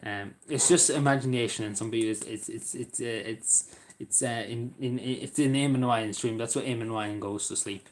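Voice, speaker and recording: A young Irish man is reading chat on a live stream, talking casually at medium pitch and normal speed with hardly any pauses. He rambles, stumbles into restarts, and addresses viewers by name.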